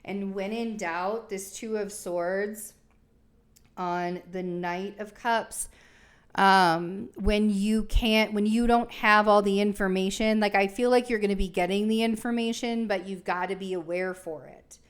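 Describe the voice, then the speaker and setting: A woman's voice: mid-range voice, steady tone, unhurried. A young adult woman giving a casual tarot reading, talking in a rambling, reassuring way with lots of fillers and restarts. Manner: rambling, reassuring, thinks aloud with many fillers. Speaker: tarot reader.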